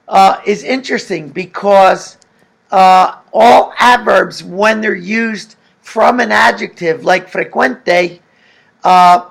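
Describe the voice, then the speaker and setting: A man's voice: high-pitched, vocal fry, a bit bright. A man teaching a recorded language lesson, patiently explaining and asking the class questions. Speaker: Spanish teacher.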